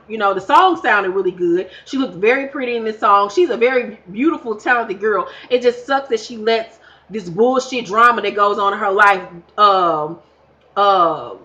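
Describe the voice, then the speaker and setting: A woman's voice: medium pitch, pushed and bright, dull audio. A woman recapping a reality show in a casual vlog, sassy, blunt and full of profanity. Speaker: reality TV reviewer.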